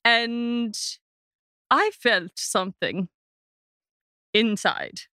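A woman with a fairly high, bright voice tells a rambling story on a comedy panel. She speaks slowly, in a dry and close sound. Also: clean tone, no echo. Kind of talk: comic storytelling.

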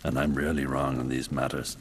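A man's voice: a bass voice, level tone, a little fast, breathy edge. An actor playing a brutal, lecherous warrior king, talking in a crude, leering, menacing way. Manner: crude, leering, menacing first-person monologue. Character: brutal, lecherous, swaggering warrior king, middle-aged man.

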